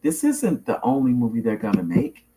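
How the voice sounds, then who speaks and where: Middle-aged woman, talk show host, lively up-and-down delivery, chatty storyteller who laughs easily. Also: extremely low pitch, moderate pace, vocal fry. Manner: animated storyteller, laughs often, restarts sentences. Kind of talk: casual chat reading viewer comments.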